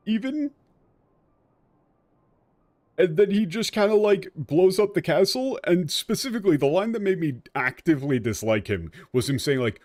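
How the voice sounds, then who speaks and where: A man streaming a game, talking casually and ranting in an animated way with frequent restarts. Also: sits high, normal speed, no room sound. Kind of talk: casual commentary while playing.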